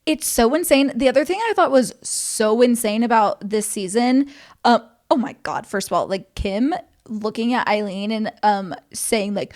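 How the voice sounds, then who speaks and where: A young woman co-hosting a podcast, chatting casually about reality TV, animated and swearing freely as she acts out quotes. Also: fairly high pitch, moderate pace. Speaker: podcast co-host. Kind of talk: casual chat recapping reality TV.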